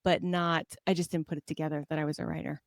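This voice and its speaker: A woman from Southern California, chatting as a podcast guest with a low-ish voice. She tells stories in a lively, self-mocking way and laughs often. The sound is close and dry. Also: fast, dry recording. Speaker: guest author. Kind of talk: casual conversational storytelling.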